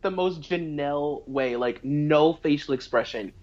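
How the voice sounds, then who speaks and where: A woman's voice: deep voice, unhurried, a little mellow, dull audio. A young woman co-hosting a podcast, talking animatedly about a TV show and laughing readily. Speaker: podcast co-host. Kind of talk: casual chat recapping a TV show.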